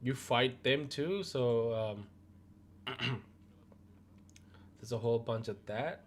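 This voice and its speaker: Slow-talking man with a tiring voice. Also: medium pitch, slight background noise. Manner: relaxed, rambling, many fillers and restarts. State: losing his voice, coughing. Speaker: gaming news host. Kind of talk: casual commentary to viewers.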